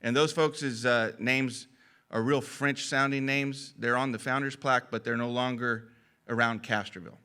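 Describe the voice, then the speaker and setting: A man talking through local history at a conference in a loose, folksy way, with plenty of fillers. His voice is bright and forward at a middling pitch. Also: fairly even intonation, moderate pace, smooth. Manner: chatty, folksy, self-deprecating, with fillers. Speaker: conference speaker. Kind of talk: casual history talk. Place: conference hall.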